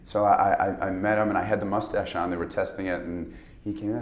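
A man's voice: deep voice, flat delivery, fast, roomy sound. A man, an actor guest, telling rambling, self-deprecating stories in a casual interview. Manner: rambling, self-deprecating storyteller, laughs often.

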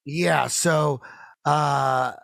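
Brief: gravelly male podcast host, profane and animated storyteller, dry close sound. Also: fairly high pitch, extremely slow, no room sound. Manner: profane, animated storyteller who acts out the voices of others. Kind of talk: casual comedic storytelling.

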